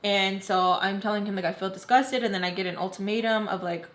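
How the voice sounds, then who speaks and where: A young woman vlogger tells a personal storytime with candid, unpolished emotion. She pads her sentences with "like" and talks at a middle pitch. The room gives her voice a noticeable echo. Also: steady tone, brisk, a bit bright. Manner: candid, heavy use of "like". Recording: roomy echo.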